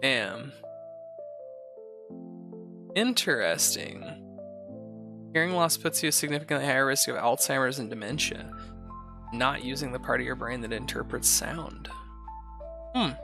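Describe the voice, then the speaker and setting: A man's voice: mid-range voice, animated, measured pace, gravelly, pauses often, over music. A man hosting a show, reading posts aloud and giving rambling, profane, sarcastic commentary in a casual chat style. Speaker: host.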